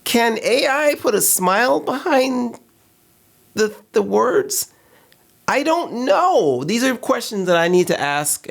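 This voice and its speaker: Gravelly-voiced man hosting a tech review. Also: high voice. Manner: candid, opinionated, conversational. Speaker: host of a filmmaking channel. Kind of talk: casual tech review talk.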